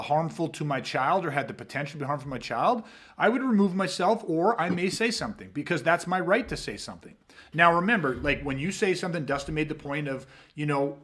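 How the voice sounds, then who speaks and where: A man's voice: fairly high pitch, a bit bright. A man hosting a podcast, talking in a blunt, emphatic, profane way. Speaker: podcast host. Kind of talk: casual podcast talk.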